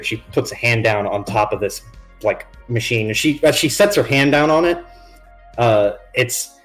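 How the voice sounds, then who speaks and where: A man's voice: medium pitch, moderate pace, fairly bright tone. Rambling game master man, faint music. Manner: loose, rambling description full of "like" and restarts. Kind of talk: narrating a tabletop game on a live stream.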